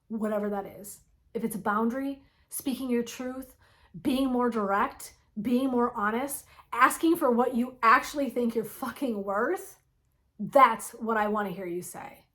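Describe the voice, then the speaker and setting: A woman in her forties with a slightly high voice delivers a blunt, impassioned pep talk straight to her viewers. She swears freely and preaches with fire. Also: a little slow, a bit bright. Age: 40s. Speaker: wellness vlogger. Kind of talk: impassioned motivational vlog.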